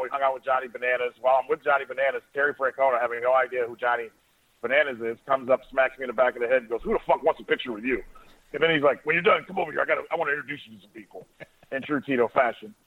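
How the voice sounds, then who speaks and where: A man's voice: medium pitch, fairly even intonation. A man in his forties from Ohio, a radio host telling a rambling story in a casual way. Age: 40s. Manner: rapid, rambling anecdotes with quoted asides. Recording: tinny phone-like radio sound.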